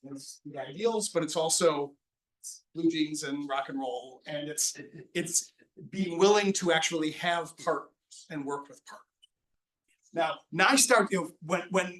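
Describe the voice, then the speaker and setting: A male panel moderator talks in a loose, rambling way, restarting his sentences often. His voice is bright and a little high. He is picked up from a distance in a hall. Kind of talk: casual panel discussion.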